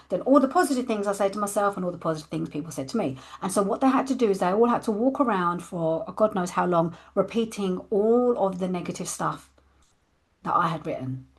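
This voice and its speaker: A woman's voice: mid-range voice, slightly rough. A woman, a coach candidly telling her personal story and acting out her past thoughts.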